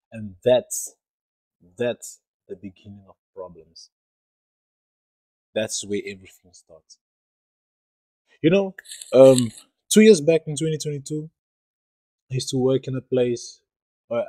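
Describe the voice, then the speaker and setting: A man's voice: mid-range voice, warm tone, no echo, low-quality recording. A young man hosting a podcast, telling a true story in an earnest, rambling way, with many fillers and repeated phrases. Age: young adult. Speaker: podcast host. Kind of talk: storytelling monologue.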